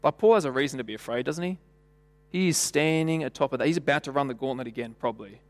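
A man's voice: mid-range voice, fast. A man preaching a sermon in a church, conversational and full of rhetorical questions and stories. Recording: long hall reverb.

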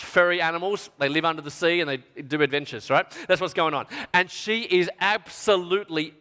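Australian male preacher, high-pitched and bright, animated storyteller, big hall reverb. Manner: animated, chatty, keeps asking "right?". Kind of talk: storytelling sermon to a youth event.

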